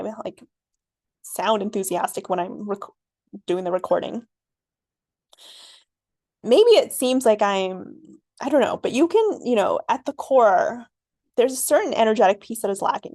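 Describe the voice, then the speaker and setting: A woman's voice: mid-range voice, normal speed, darkish tone, no room sound. Rambling woman podcaster, dry sound. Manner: rambling, filler-heavy, laughs often. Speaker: podcast host. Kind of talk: reflective solo podcast monologue.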